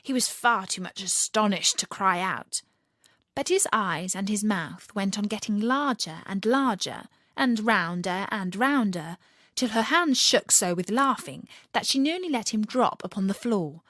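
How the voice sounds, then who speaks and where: A woman reading a children's storybook aloud in an expressive, animated way. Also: mid-range voice, unhurried, dry recording, clean studio sound.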